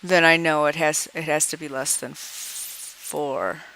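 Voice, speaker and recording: A woman's voice: low voice, steady tone, slow pace, fairly bright tone, a little hiss or hum. A woman walking through a coding example in a screencast tutorial, thinking aloud as she debugs and reads out dialog lines. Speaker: programming teacher.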